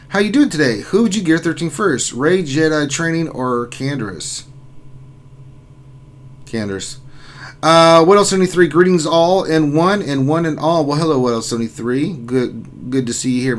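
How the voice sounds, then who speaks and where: A man hosting a casual gaming livestream in a chatty, upbeat way, reading out viewers' messages. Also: mid-range voice. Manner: upbeat, chatty, reads chat messages aloud. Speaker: livestream host.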